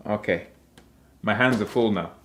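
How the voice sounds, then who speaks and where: A man's voice: lowish voice, normal speed, a bit bright, a little hiss or hum. Rambling, laughing man on a livestream. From Africa. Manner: playful, rambling, laughs often. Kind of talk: casual livestream chat reading comments.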